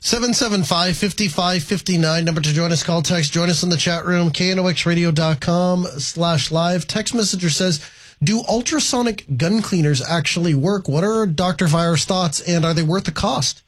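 A man's voice: high voice, moderate pace. A man hosting a radio show, giving the call-in details and reading a listener's text. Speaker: radio host.

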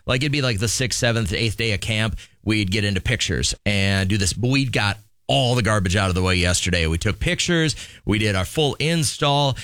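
A man's voice: lowish voice, lively intonation, normal speed, hardly any pauses, fairly bright tone, no room sound, studio quality. A middle-aged man co-hosting a casual chat show, telling stories in an easygoing way. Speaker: co-host and football coach.

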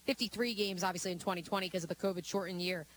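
A woman's voice: fairly low pitch, very fast, a little hiss or hum. A woman co-hosting a sports talk radio show, running through stats and analysis fluently. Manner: fluent, stat-heavy, analytical.

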